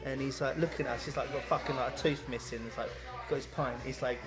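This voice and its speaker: A man's voice: medium pitch, steady tone, fast, loud music behind the voice, low-quality recording. A young man telling a story on a podcast in casual, rambling, sweary chat full of fillers. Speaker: podcast co-host.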